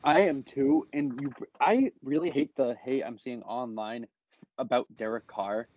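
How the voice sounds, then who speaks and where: A man co-hosting a casual sports podcast, musing aloud in a halting way. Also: mid-range voice, no room sound. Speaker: podcast co-host. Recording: dull dry lo-fi audio.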